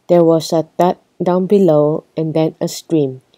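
A woman's voice: low-pitched, steady tone, measured pace, dark tone, no room sound, rough recording. A woman reading a children's book aloud, storytelling with light character voices. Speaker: reader.

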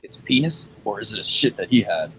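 A man's voice: fairly low pitch, sing-song, brisk, fairly bright tone, poor audio. A man co-hosting a stream, joking and riffing with his friends in casual chat. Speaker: stream co-host.

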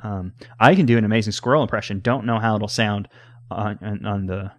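A man's voice: lowish voice, fairly quick. A young man casually commenting on a game he is playing into a home microphone, rambling and stumbling over restarts. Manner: rambling, with many stammered restarts. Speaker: let's player.

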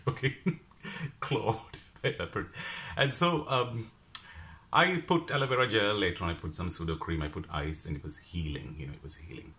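A man from Sri Lanka telling a story in a casual vlog, exasperated and animated. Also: on the low side, fairly quick. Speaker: vlogger.

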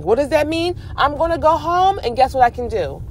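A young woman and mom vlogger, driving while she gives an animated, chatty motivational talk. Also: high voice, brisk, hardly any pauses, slight background noise. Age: young adult. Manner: animated, chatty, preachy encouragement. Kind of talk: casual motivational talk to camera. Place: in a car, driving.

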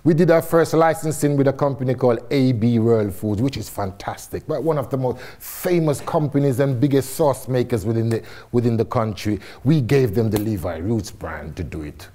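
A middle-aged man from Jamaica, telling his story as a guest speaker to a live audience, animated and laughing often, with casual swearing. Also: mid-range voice, moderate pace, hardly any pauses.

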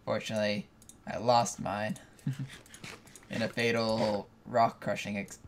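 A man's voice: lowish voice, flat delivery, slow pace, a little hiss or hum. Joking man hosting a co-op game. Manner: joking, laughs often. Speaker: let's play host. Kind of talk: casual gameplay chat.

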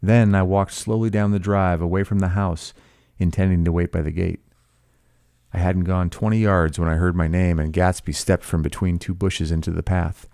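A man reading a classic novel aloud in a measured, even narration. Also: sits low, gravelly, no echo, studio quality. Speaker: audiobook reader.

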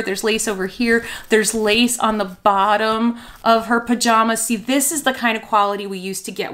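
A woman chatting casually as a doll-collecting vlogger, gushing and excitable as she handles her toys. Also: a little high.

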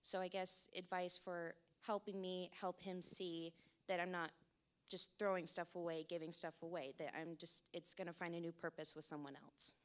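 A woman in the audience asking a question at a live Q&A, speaking softly and hesitantly. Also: lowish voice, level tone, normal speed, clean tone.

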